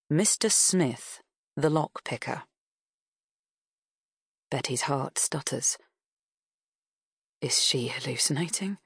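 A woman narrating an audiobook in a measured, even storytelling manner. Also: deep voice, dry recording, studio quality.

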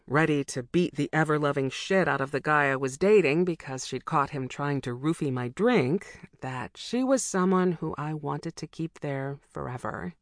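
A woman reading a first-person audiobook in a steady, intimate and reflective manner, close to the mic. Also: sits low, no room sound. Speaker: audiobook narrator.

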